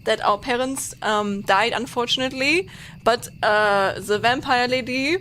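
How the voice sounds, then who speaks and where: Giggly bright-voiced German-accented woman. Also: on the high side, unhurried, a little hiss or hum. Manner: giggly, rambling with many fillers. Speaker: VTuber host. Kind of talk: casual game-stream chat.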